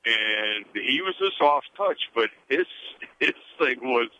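A man from Chicago calling into a radio show, talking in a warm, rambling way with many hesitations over a phone line. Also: medium pitch, expressive, takes it slowly. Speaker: caller. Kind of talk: phone-in call.

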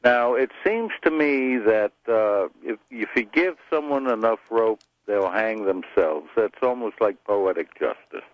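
A man's voice: fairly low pitch, lively intonation. A male caller on a talk radio show, stumbling over his words and repeating himself as he chats. The sound is dull and muffled with no room echo at all. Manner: halting, repeats words, chuckles at his own jokes. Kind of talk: casual call-in chat and joke telling.

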